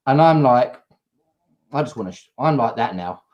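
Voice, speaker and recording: An English man hosting a live chat show, telling an animated story and acting out the people in it. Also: medium pitch, moderate pace, long pauses. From England. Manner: animated, acts out quotes. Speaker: host.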